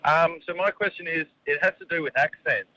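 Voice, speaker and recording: A man's voice: on the high side, brisk, noisy background. Eager man calling in. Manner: eager, hesitant with fillers. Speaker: caller. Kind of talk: phone-in question. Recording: dull phone line.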